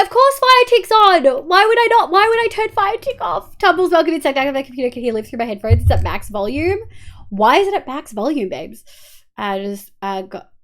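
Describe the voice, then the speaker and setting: A woman's voice: high-pitched, a bit bright. An Australian woman streaming a game live, talking casually and swearing often as she chats with viewers over a headset.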